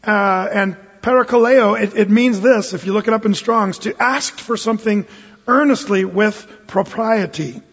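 A man's voice: high voice, moderate pace, fairly bright tone, husky. A man preaching a sermon as pastor, earnest and emphatic, often asking his listeners questions. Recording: dull sound with long hall reverb.

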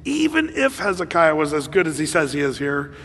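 A man preaching a sermon in a conversational, animated way, with laughs and fillers. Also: fairly high pitch, fairly quick, in a large hall, a little hiss or hum. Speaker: pastor.

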